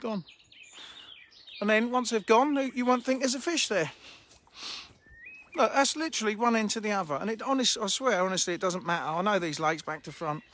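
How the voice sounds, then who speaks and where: A fishery owner live-streams casually from a handheld phone beside a fishing lake, answering comments with a laugh. His high-pitched, fairly bright voice moves at normal speed with long pauses, and birdsong and faint outdoor noise play in the background.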